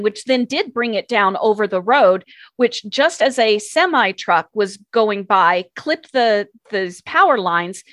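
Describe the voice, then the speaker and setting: A woman's voice: medium pitch, no room sound. Woman, enthusiastic, radio reporter, casual interview, dry recording. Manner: animated, enthusiastic storyteller. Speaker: traffic and news radio reporter, podcast host.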